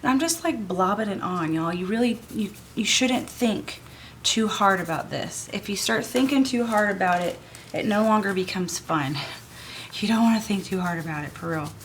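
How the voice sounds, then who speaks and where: A woman's voice: mid-range voice, lively intonation, normal speed, slight background noise. A woman, sniffly, chattily teaching an art journaling craft technique while she works at home. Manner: chatty and gushing, talks while working. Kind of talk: casual craft tutorial.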